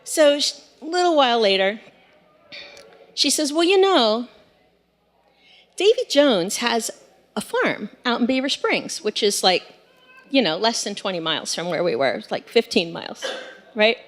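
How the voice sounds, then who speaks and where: A woman in her forties tells a story live on stage, chatty and animated with plenty of fillers. Her voice sits a bit high. The sound rings out with a long hall reverb. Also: moderate pace.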